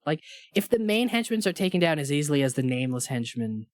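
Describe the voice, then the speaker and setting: On a relaxed film review podcast, this male co-host talks fast and enthusiastically in a fairly high, sing-song voice, rambling and restarting often. The sound is clean studio quality with no echo.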